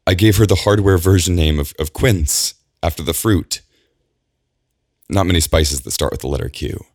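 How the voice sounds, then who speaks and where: A man's voice: deep voice, no echo, studio quality, voice pushed up. A man voicing a stammering anxious engineer. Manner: halting and stammering.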